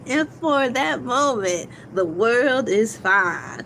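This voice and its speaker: A woman's voice: a little high, very animated, slow pace, creaky, hardly any pauses, fairly bright tone, slight background noise. A woman hosting a casual livestream, chatty and playful, laughing often and reading viewer comments aloud. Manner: giggly and playful, laughing often between lines. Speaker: livestream host.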